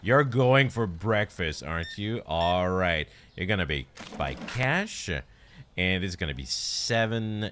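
A low-voiced young man commentating a game stream, his pitch swinging widely as he hams up a courteous shopkeeper greeting customers. He talks at an unhurried pace with a bright, forceful tone. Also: a little hiss or hum. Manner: playful, role-plays a polite cashier greeting customers. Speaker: streamer playing a shop game.

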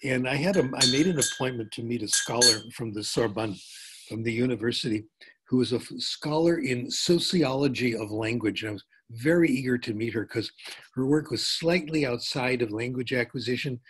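An older man giving a conference talk in an anecdotal, conversational way, with pauses and restarts. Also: mid-range voice, fairly bright tone, husky. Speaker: linguistics speaker.

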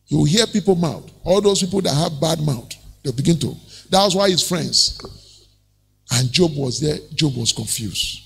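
A man's voice: on the high side, lively intonation, unhurried, gravelly, a bit bright, breathy edge, long reverb tail. A Nigerian man preaching a sermon as pastor, retelling a story animatedly with laughter.

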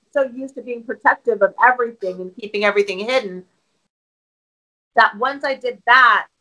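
A woman guest talks in an open, animated way, her sentences often starting over as she tells her stories. Her voice is bright and sits fairly high. It is a relaxed interview conversation. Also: rough recording. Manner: open, animated storytelling with many restarts.

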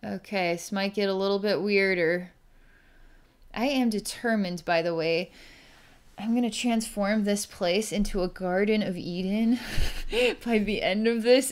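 A woman with a smooth, clear voice talks through a psychic healing vision. She pauses, restarts and gropes for words as she describes what she sees, speaking in the easy manner of someone thinking aloud. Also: medium pitch. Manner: halting, searching, describes visions as they come. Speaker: psychic healer. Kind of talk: narrating a distance healing vision.

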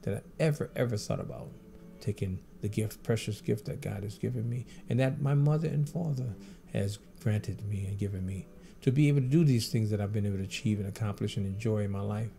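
A man's voice: on the low side, brisk, creaky, dark tone, slight background noise. A man, a professional drummer, answering fan questions and telling personal stories in an earnest, repetitive way that piles phrase on phrase.

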